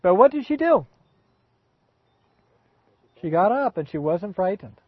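High-voiced man preaching a folksy sermon. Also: big pitch swings, measured pace, slightly rough, dry recording, narrow, tinny audio. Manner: folksy, emphatic, with rhetorical questions.

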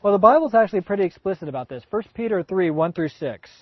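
A man's voice: high-pitched, lively intonation, quick pace, husky, dry recording. A man preaching a folksy, emphatic sermon full of rhetorical questions, in a dull, dry recording.

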